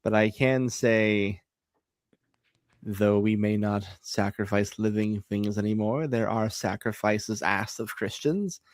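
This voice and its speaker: A man playing a pious saint adventurer in a tabletop game, talking in a calm, dry, sarcastic way. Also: fairly low pitch, takes it slowly, no echo. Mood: wry. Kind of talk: in-character tabletop role-play.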